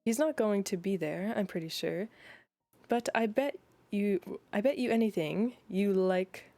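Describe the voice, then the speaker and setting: Streamer gal reading as a frank young lady reporter, put-on aussie accent, slow and dry. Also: mid-range voice, dark tone, dry recording, lightly acted. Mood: exasperated. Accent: put-on Australian. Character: young English woman journalist, brisk and frank.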